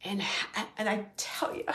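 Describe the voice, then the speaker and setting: A woman's voice: fairly high pitch, a bit bright. A middle-aged woman working as a psychic medium, giving an emotional live reading to an audience and relaying messages with emphasis. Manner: emotional, tearful at times, relaying quotes with emphasis.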